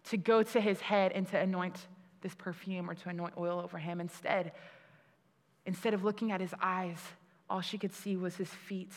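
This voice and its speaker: A woman giving a conversational sermon, laughing at herself and restarting her sentences often, with many fillers. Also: mid-range voice. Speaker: preacher. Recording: long hall reverb.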